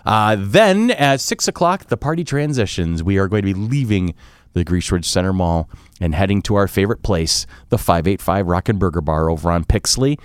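A man's voice: low-pitched, expressive, moderate pace, clean tone, no echo, clean studio sound. A man hosting a podcast, announcing upcoming events in a chatty, jokey way. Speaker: podcast host. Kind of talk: casual podcast chat.

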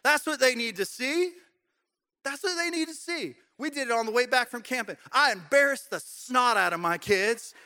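A middle-aged pastor with a very high, bright, forceful voice preaches in a church sanctuary. He swings from loud, rallying calls to soft, conversational talk with playful, joking asides. His delivery feels lively and personal. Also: normal speed. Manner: swings from loud shouted exhortation to quiet, intimate talk. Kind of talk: sermon.

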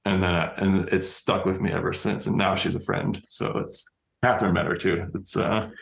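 A man's voice: low-pitched, little pitch movement, moderate pace, gravelly, echoey room. A man who is a scientist speaking casually on a panel discussion, hesitant, with fillers.

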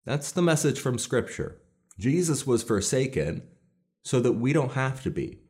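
A man's voice: medium pitch, big pitch swings, measured pace, a little mellow. Male pastor, mid-range voice, earnest and emphatic sermon delivery.

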